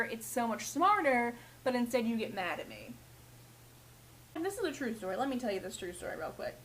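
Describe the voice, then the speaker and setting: Young woman, high voice, retail worker venting, exasperated, swearing. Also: fairly bright tone, low-quality recording. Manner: exasperated, swearing, mimics customers. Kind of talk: casual vlog rant.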